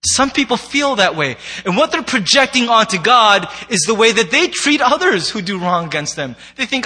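Bright, high-voiced male pastor preaching. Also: big pitch swings, moderate pace, hardly any pauses. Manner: conversational, playful preaching with acted asides. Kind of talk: sermon. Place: church sanctuary before a congregation.

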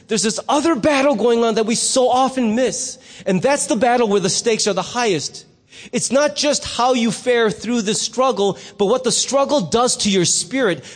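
A man preaching a sermon as pastor, conversational, with rhetorical questions. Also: high-pitched. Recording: long reverb in a hall.

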